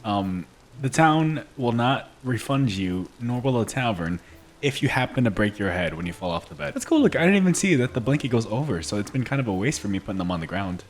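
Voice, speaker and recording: A man's voice: mid-range voice, big pitch swings, a little fast. A man giving casual commentary while building in a video game, rambling playfully and laughing at himself. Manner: playful, giggly, self-mocking rambling. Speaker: gameplay video creator.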